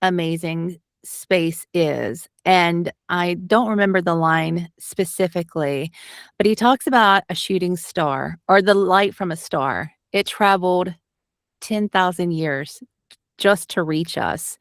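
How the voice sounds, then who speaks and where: A woman's voice: fairly low pitch, slow pace, smooth, no room sound, studio quality. A woman from Alabama with a light, toned-down Southern accent, chatting in an interview as an audiobook narrator, rambling with lots of fillers. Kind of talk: casual interview.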